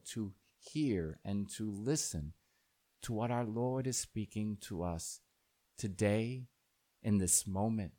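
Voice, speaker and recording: A priest preaching a sermon in a low, unhurried man's voice. He speaks slowly and deliberately, each phrase set apart. When he tells a parable, his voice rises into dramatic swells. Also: warm tone.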